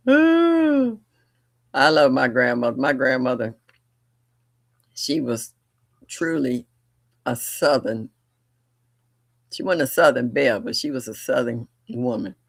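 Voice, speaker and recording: An older woman hosts a casual livestream and tells family stories in a blunt, animated way. Her voice has a gravelly edge and swings widely in pitch. The sound is close and dry, with no room around it. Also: slow pace, pauses often, no room sound. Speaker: livestream host. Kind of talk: casual storytelling chat.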